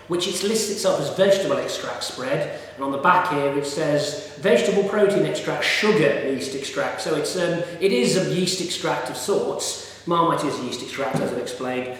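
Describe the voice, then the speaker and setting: Chatty man, echoey room. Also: a little high. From United Kingdom. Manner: rambling, chatty, many fillers and restarts. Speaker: food reviewer. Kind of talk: casual vlog talk. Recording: echoey room with long reverb.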